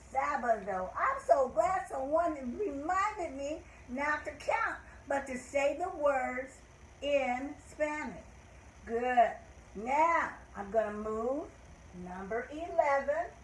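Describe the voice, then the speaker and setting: Slow-talking older woman teaching. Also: high voice, reverberant, a little hiss or hum, poor audio. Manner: slow, encouraging teacher talk with cheerful call-outs. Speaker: host of a children's learning show. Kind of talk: teaching a live calendar lesson to viewers.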